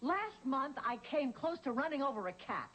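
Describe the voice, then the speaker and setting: A woman's voice: sits high, moderate pace. A dry-witted mother in her seventies. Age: 70s. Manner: dry, deadpan quips. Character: wry elderly mother, tired and dryly witty. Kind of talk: sitcom acting. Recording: sitcom audio with studio audience.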